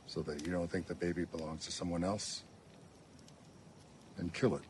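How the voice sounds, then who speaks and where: An actor playing a stern Western rancher patriarch in a drama clip, with a deep, rough voice. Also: male voice, fairly even intonation, moderate pace, a little mellow, a little hiss or hum, natural voice.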